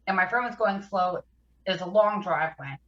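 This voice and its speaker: Bright-voiced woman telling her recovery story. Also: lowish voice, animated, reverberant, muffled recording. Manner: halting, emotional, fighting back tears. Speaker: podcast guest. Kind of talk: personal recovery story in an interview.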